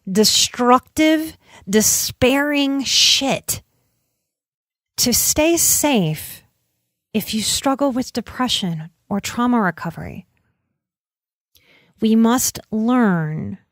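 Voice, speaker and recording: A middle-aged woman hosting a solo self-help podcast, talking earnestly and emphatically, and slowing down to stretch out the key words. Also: medium pitch, dry recording, studio quality. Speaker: podcast host and counselor.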